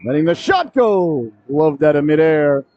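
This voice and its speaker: A man delivers hockey play-by-play in a somewhat high voice, tossing in wry jokes and jumping to shouts at big moments. The audio is dry and a little dull, like a small local broadcast. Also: sing-song, unhurried, no echo. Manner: jokey asides, rises sharply to shouts on goals. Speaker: play-by-play commentator.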